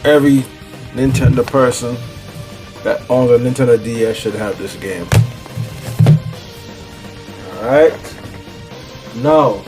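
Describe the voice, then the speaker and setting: A man's voice: mid-range voice, takes it slowly, long pauses, music in the background. A man with a Jamaican accent, chatting casually as host of his own gaming vlog in a laid-back, slangy way. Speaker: gaming YouTuber.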